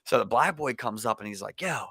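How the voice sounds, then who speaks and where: A young man with a Baltimore accent, hosting a podcast and telling a story in animated, profane slang, acting out the people in it. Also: mid-range voice, fairly quick, breathy edge, dry recording. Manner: animated, profane street slang, acts out quotes. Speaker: podcast host. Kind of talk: casual chat, storytelling.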